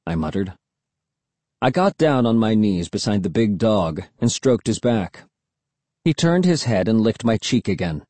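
A man reading an audiobook in expressive first-person narration. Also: on the low side, normal speed, breathy edge, no echo. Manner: expressive storytelling.

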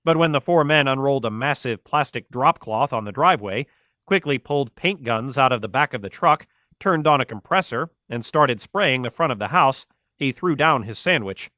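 Bright-voiced male audiobook narrator. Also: medium pitch, lively intonation, normal speed, no room sound, clean studio sound. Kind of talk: scripted narration.

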